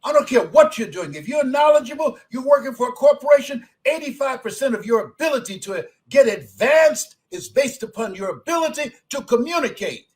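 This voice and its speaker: A man in his seventies giving a motivational speech, emphatic, repeating phrases and swinging from soft talk to shouting. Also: very high-pitched, lively intonation, a little fast, few pauses, poor audio. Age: 70s. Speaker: motivational speaker.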